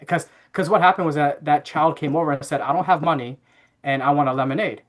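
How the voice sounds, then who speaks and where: A man in his thirties tells a family anecdote in easy conversational rhythm. He leans on fillers and restarts, and his voice sits slightly on the higher side. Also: quick pace. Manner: animated anecdote-telling with frequent fillers and laughs. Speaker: podcast guest. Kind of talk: casual interview storytelling.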